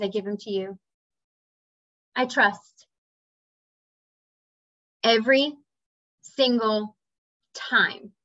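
A woman's voice: medium pitch, a bit bright, no room sound. A woman sharing a personal story in a casual, earnest talk, now and then acting out voices and bird sounds. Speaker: spiritual speaker. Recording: slightly dull dry recording.

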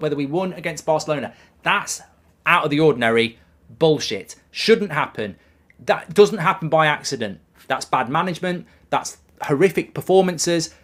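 Woman, low voice with a lively swooping delivery, furious fan rant on a live stream. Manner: furious ranting, swearing, repeating herself. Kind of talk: live watchalong reaction.

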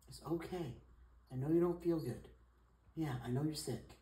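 A woman talking softly to her cat at home, coaxing and soothing it with repeated reassurances. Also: sits low, moderate pace. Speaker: cat owner. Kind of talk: talking to a pet. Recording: roomy, from away from the mic.

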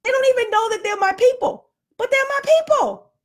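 A woman with a high, bright voice talks straight to her phone camera in a playful rant. She laughs often, pokes fun at herself and swings her pitch all over. She sounds a little winded, fresh from a workout. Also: fairly quick. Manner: animated, self-deprecating, laughs often. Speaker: vlogger. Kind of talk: casual comedic rant to camera.

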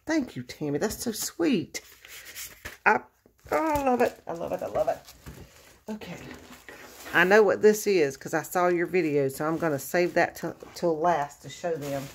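A woman's voice: sits low, moderate pace, slight background noise. A woman chatting casually on her crafting vlog, gushing with effusive exclamations as she opens a gift. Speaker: crafting vlogger opening happy mail. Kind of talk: casual unboxing chat.

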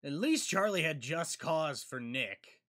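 Guy ranting at a tv episode, swears constantly, voice swings all over, bright sharp tone. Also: a little high, animated, slow pace. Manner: profane, yelling outbursts at the screen. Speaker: reaction video host. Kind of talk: live reaction commentary.

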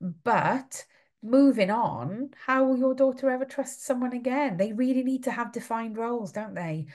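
A woman's voice: on the high side, normal speed, darkish tone. A middle-aged woman with a Welsh accent hosts a live stream for parents, reading out viewer comments in a chatty, sympathetic way with frequent fillers. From Wales. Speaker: host of a parent support livestream. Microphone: webcam or phone on a live stream.

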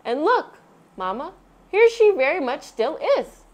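A woman puts on a tiny boy bear cub from a storybook who gets upset easily. His voice is squeaky and childlike, pitched very high. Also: sing-song, a little slow. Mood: wondering.

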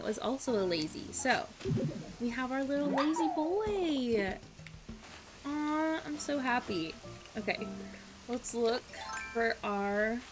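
A young woman hosting a casual let's-play, chatting and gushing with bubbly delight over a cozy game. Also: fairly high pitch. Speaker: gaming channel host. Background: game music.

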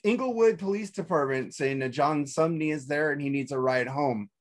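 This podcast co-host has a fairly high voice and talks at a moderate pace. He rambles through a story in a casual chat, swearing freely and starting sentences over.

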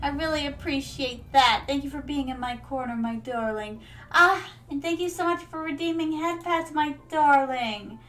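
A woman's voice: high voice, moderate pace, hardly any pauses, fairly bright tone. A woman streaming a video game, chatting playfully and theatrically with viewers she calls her darlings. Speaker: VTuber streamer. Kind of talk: casual gameplay commentary.

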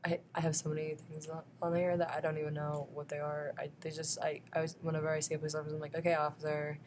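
A woman's voice: sits low, completely flat delivery, quick pace, a little mellow, slight background noise. A woman talking straight to camera in a rambling vlog monologue, often breaking into laughs between phrases. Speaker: vlogger.

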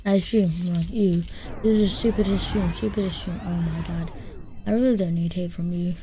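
A woman's voice: on the low side, moderate pace. A woman streaming a game live, chatting casually, greeting and thanking viewers and muttering to herself as she plays. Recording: clear steady background noise.

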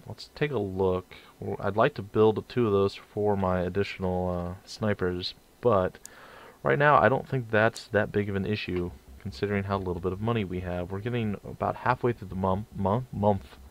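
A man's voice: fairly low pitch, fairly even intonation, normal speed. A young man casually commentating his strategy game, rambling and stumbling over his words. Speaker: let's play host.

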